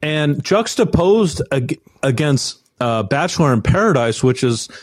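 A man's voice: a little high, very animated, unhurried, no echo. A man speaking as a podcast guest in casual chat, wry and hesitant, often restarting his sentences.

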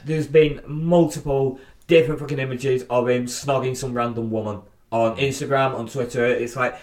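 A man co-hosting a podcast, swearing freely and giving animated opinions with frequent restarts. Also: medium pitch, moderate pace. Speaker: podcast co-host. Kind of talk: casual podcast chat. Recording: roomy echo.

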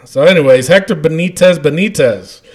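A man's voice: on the high side, a little fast. A man hosting a casual podcast, reading out listener comments and laughing often. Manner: animated, laughing often, trailing off quietly. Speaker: podcast host.

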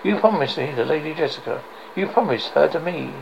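A man's voice: on the high side, animated, brisk, vocal fry, muffled recording, a little hiss or hum. A man voicing a bitter, sneering male advisor in a novel reading, sly in tone.

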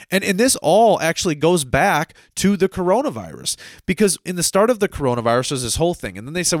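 A man's voice: a little high, sing-song, quick pace, hardly any pauses, dry recording. Heated man ranting in a dry voice. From United States. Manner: heated, repeats "right?" and stumbles on repeated words. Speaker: commentator. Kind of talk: ranting monologue.

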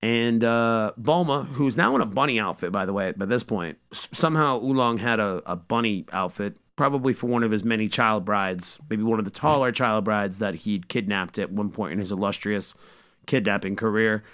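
A man hosting a podcast, giving a casual, profane and joking recap of an episode as an animated storyteller. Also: on the low side, normal speed. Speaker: podcast host.

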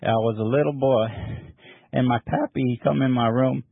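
A man doing a sheepish old caller, about sixty-five, who rambles and stalls with husky, hesitant words. He sounds squeezed through a tinny phone line with no room around him. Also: medium pitch, fairly even intonation, no room sound. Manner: halting, sheepish, full of fillers. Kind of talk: prank call to a psychic line.

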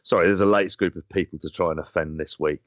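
A man's voice: low-pitched, steady tone, fast talker, no room sound, muffled recording. A man, chatting as a podcast co-host, rambling and swearing through his banter. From London. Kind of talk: casual chat.

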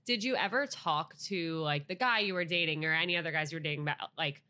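A woman interviewer with a fairly low but bright voice asks questions in an easy, conversational way. She reacts readily and laughs along with her guest. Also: fast. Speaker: host. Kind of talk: casual interview.

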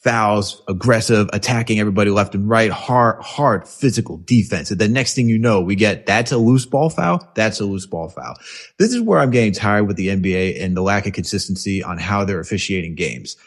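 Husky, ranting man hosting a podcast. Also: fairly low pitch, brisk, few pauses. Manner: angry, ranting, swears a lot. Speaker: podcast host. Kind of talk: heated sports podcast chat.

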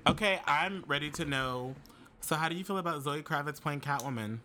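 A man's voice: on the high side, a little fast. A man chatting casually on a podcast, reluctant and giggly. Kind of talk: casual chat. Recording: noticeable background noise.

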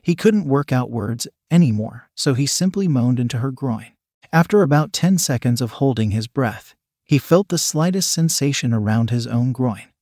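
A man narrating a scripted story in a measured, steady reading manner. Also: mid-range voice, no echo, studio quality.

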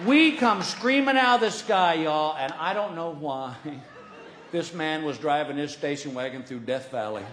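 Male comic, high swooping voice, roomy live room with crowd noise, middle-aged, animated shouting storyteller. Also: moderate pace. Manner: animated, breaks into shouts and laughs at his own story. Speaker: stand-up comedian. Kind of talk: stand-up storytelling.

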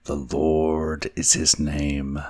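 A man voicing a nasal, bellowing preacher who intones scripture slowly. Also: very deep voice, monotone, darkish tone, exaggerated voice. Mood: intoning.

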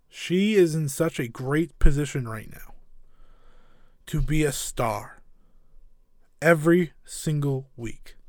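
A man's voice: a little high, dry recording, clean studio sound. A man giving a casual, enthusiastic and opinionated recap of a wrestling show, rambling a little with fillers.

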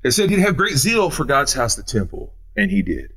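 A man's voice: mid-range voice, sing-song, normal speed, fairly bright tone. A man preaching an Easter sermon as pastor, running through scripture references with rising emphasis. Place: church sanctuary.

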